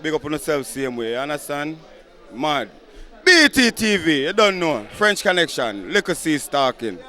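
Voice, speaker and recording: A man's voice: a little high, very animated, moderate pace, sharp tone. A man with a Jamaican accent, a party organizer, speaking earnestly to the crowd.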